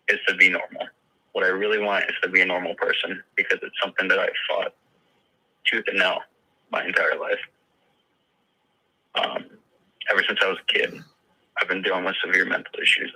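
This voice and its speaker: Low husky guy, halting, lots of ums, sounds a bit like a phone line. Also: steady tone, bright, forceful tone. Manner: hesitant, many fillers and restarts. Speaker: disability claimant practicing his testimony. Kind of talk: coached interview practice.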